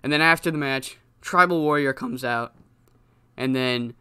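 A man's voice: medium pitch, normal speed, bright, forceful tone, clean tone, no room sound, studio quality. A man giving casual, rambling commentary on a wrestling game, swearing often. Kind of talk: casual let's-play commentary.

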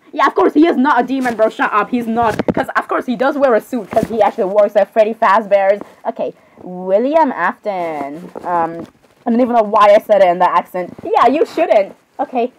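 Young girl rambling at her computer, keeps laughing and shrieking, voice a bit on the high side. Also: poor audio. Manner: giggly, excitable, frequent exclamations. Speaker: video creator. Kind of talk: casual chat while browsing images.

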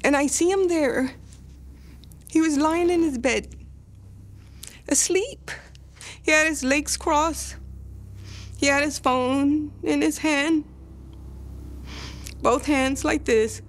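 An older woman, a grandmother, telling her story in a documentary interview, speaking haltingly and emotionally with many restarts. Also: high voice. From Texas.

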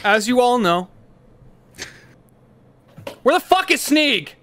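A man's voice: extremely high pitch, sing-song, takes it slowly, a bit bright. A man in a game role-play, giving a melodramatic, mock-solemn eulogy. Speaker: streamer playing a slime character.

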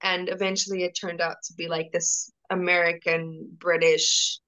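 A woman's voice: lowish voice, level tone, normal speed, bright, forceful tone, smooth, low-quality recording. A young woman, an interview guest, talking casually on a video call with many restarts and fillers.

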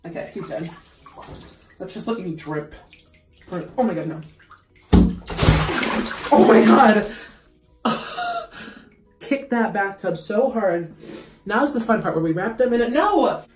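A young man vlogging at home, talking to camera in an excitable way, laughing and yelping as he goes. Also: high-pitched, a little slow, pauses often, heavy background noise. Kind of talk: casual chat to camera. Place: bathroom at home. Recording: echoey bathroom.

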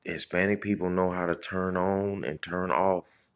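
A man with a very deep voice hosts a live stream and tells a rambling street story. He curses freely, restarts his sentences and breaks off to greet viewers by name. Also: steady tone, measured pace. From Indianapolis, Indiana. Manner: loose, profane street storytelling with many restarts and shout-outs. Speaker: comedian livestream host.

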